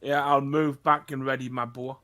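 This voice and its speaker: Older man with a bright, forceful voice. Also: medium pitch, flat delivery, normal speed. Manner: hesitant, thinking aloud. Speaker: player. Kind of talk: casual tabletop play.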